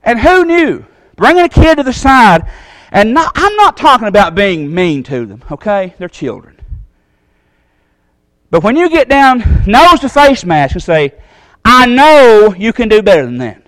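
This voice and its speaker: A man preaching a sermon in a Southern American accent, folksy and animated, acting out the voices he quotes. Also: very high voice, a little slow, no room sound. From Southern United States.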